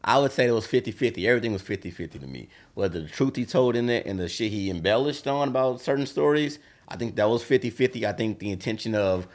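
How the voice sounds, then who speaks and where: A man's voice: on the low side, animated, fast talker, hardly any pauses. A man who is a comedian, co-hosting a casual podcast chat, swearing freely and acting out quotes.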